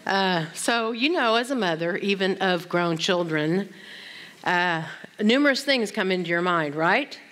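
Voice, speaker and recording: A woman's voice: mid-range voice, lively intonation, a little slow, a bit bright. A woman in her sixties giving a conversational Bible teaching talk at a women's conference, speaking directly to her listeners.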